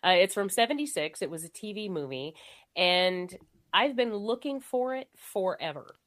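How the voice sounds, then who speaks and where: A woman's voice: mid-range voice, animated, normal speed, fairly bright tone. Rambling, laughing woman podcast host. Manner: rambling, laughs often, trails off with fillers. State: recovering from illness. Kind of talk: casual movie chat.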